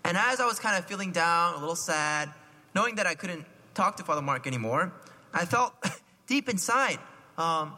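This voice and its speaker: Man, preacher, chatty homily, keeps asking "right?", clears his throat often, high voice. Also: lively intonation, moderate pace, bright, forceful tone. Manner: chatty, asks the listeners questions, frequent "right?". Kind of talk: conversational homily. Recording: long hall reverb.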